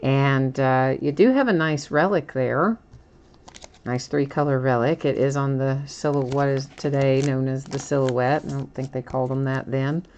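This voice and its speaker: Low voiced lady running a live card break, chatty, laughs a lot, trips over names. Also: steady tone, moderate pace, darkish tone. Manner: chatty and self-teasing, laughs often; stumbles over player names.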